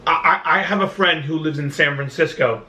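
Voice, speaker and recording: A man's voice: a little high, fairly quick, sharp tone. A man from Brooklyn with a New York accent, co-hosting a podcast in casual, self-mocking chat with loose restarts. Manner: chatty, self-mocking, laughs easily, loose rambling restarts. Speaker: podcast co-host. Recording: roomy echo with faint ambience.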